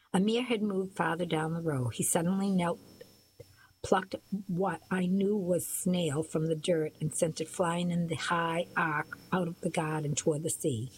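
A woman calmly narrating a first-person novel in a soft voice that at times drops to a near-whisper. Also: lowish voice, a little slow, husky, poor audio. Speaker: audiobook narrator.

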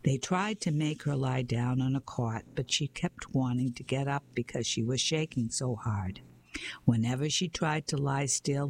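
A man reading a children's mystery story aloud in a steady storytelling way, sometimes going back to reread a phrase. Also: mid-range voice, a little hiss or hum. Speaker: narrator.

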